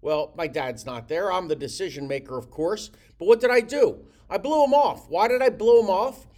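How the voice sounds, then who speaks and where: A man's voice: sits high, moderate pace, darkish tone. A middle-aged man teaching real estate sales, who acts out phone calls in different voices.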